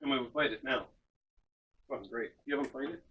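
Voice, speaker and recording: A man's voice: mid-range voice, fairly quick, highs cut off. A man co-hosting a casual comic podcast, goofy, crude and rambling. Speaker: podcast co-host. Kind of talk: casual comic-shop banter. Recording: distant mic with faint noise.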